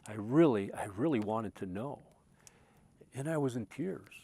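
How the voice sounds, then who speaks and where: Earnest and emotional, a spiritual speaker shares a reflective personal story, shifting from loud, passionate recollection to hushed quiet and often repeating words as he restarts. His mid-range voice is expressive, a little slow, creaky and husky, recorded with no echo.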